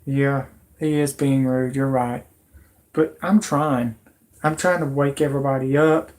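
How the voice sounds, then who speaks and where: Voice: mid-range voice, steady tone, measured pace, a little mellow. A livestream host giving an agitated, emotional, rambling rant into a computer microphone. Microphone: computer mic.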